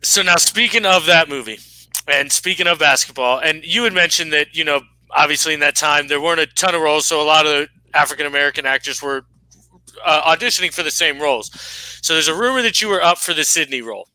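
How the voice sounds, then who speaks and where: A man's voice: a little high, fast talker, pushed and bright, rough recording. A man interviewing a guest, laughing along and asking questions. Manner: laughs along, brief reactions.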